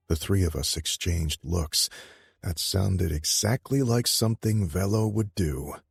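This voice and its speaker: Deep slow guy narrating audiobook, gravelly and husky, dry close mic. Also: no echo. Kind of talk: scripted first-person narration.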